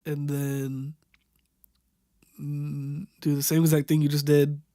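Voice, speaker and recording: A man's voice: a little high, completely flat delivery, mellow, dry recording, clean studio sound. Young man ad-libbing a tutorial voiceover. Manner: halting, unscripted, stumbles over product names; wry, amused at the footage. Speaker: voiceover narrator. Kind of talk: improvised makeup tutorial voiceover.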